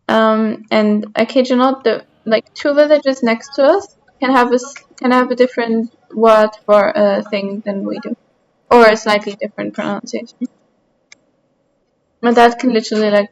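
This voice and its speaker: A woman's voice: fairly high pitch, creaky, a little mellow, dull audio. Chatty woman streamer, light Austrian accent. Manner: chatty, rambling, answers chat while playing. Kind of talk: casual gaming stream chat.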